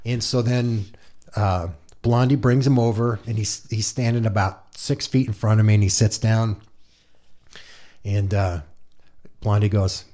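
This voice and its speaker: A middle-aged man from Montana with a somewhat low voice, spinning a loose, chatty anecdote as a guest on a casual interview podcast. He slips into other people's lines as he tells it, in an easygoing way. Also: steady tone, unhurried, mellow. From Montana, USA. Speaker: guest musician, guitar player.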